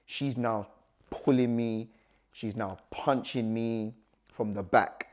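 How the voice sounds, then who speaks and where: A young man telling a personal story as a guest, animated and acting out the dialogue, with nervous laughs. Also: mid-range voice, slow pace.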